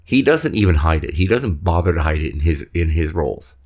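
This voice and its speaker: Deep voiced guy on a podcast, laid back, rambly. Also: a little fast. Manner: relaxed, rambling, trails off mid-sentence. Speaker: podcast co-host. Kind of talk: casual chat.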